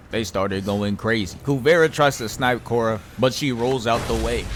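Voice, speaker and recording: A man hosting a reaction channel, narrating a fight recap as a voice-over in a slangy, joking play-by-play. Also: medium pitch.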